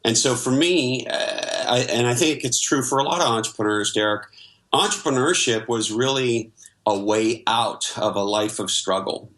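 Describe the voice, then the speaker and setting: A man's voice: medium pitch, normal speed, a bit bright. A middle-aged man from Canada, a guest in an interview, telling his life story in a reflective way with many fillers. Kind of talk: interview conversation.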